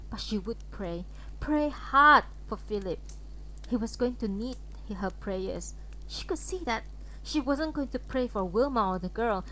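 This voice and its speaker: Lively woman reading a novel aloud. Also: mid-range voice, a little hiss or hum, low-quality recording. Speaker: storyteller streaming a book reading.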